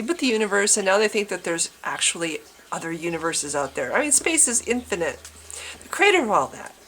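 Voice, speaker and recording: A woman's voice: mid-range voice, a bit bright. A woman ranting casually to her camera, wry and sarcastic, acting out little scenes as she talks. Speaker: vlogger.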